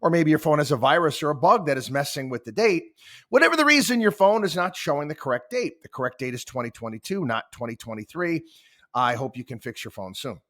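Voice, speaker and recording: A man's voice: on the high side, expressive, fast talker, a bit bright. A man voicing an insistent AI chatbot that grows stiff, self-assured and scolding. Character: insistent, prickly AI chatbot, male-voiced.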